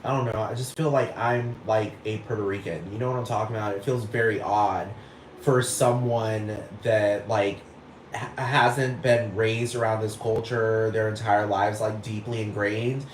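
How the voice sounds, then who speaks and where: A man's voice: fairly low pitch, fairly even intonation, normal speed. A man from Texas hosting a solo podcast, ranting casually in a rambling, profane way and constantly asking if the listener follows. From Texas, United States. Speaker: podcast host. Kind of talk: casual monologue rant. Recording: echoey room with faint noise.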